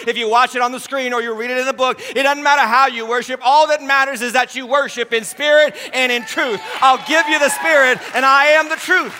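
A man voicing Jesus as a calm, direct teacher in a retold sermon story, speaking plainly with everyday slang. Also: extremely high pitch, long reverb tail.

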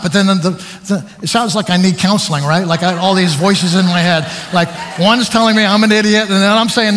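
A man preaching a sermon, telling stories about himself with animated, self-deprecating humor. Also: high-pitched, a little fast, big-room sound.

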